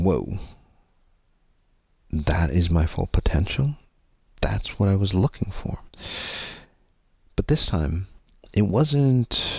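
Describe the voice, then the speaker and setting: A man's voice: very deep voice, gravelly, darkish tone, dry recording. A man hosting his own podcast, telling a personal story in a candid, meandering way, swearing freely and using many fillers. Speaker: podcast host.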